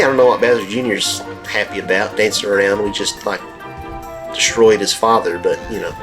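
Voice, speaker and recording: A man's voice: fairly low pitch, fairly even intonation, brisk. A man hosting a let's play, rambling and cracking jokes in casual gameplay commentary, with plenty of fillers. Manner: rambling and jokey, with frequent fillers. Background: faint game music.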